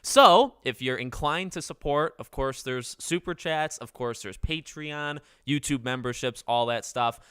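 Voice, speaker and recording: Bright, rambling young man streaming. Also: medium pitch, unhurried, hardly any pauses, smooth, no echo, studio quality. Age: 20s. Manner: rambling, self-correcting, chatty with viewers. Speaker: livestream host. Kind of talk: casual livestream chat.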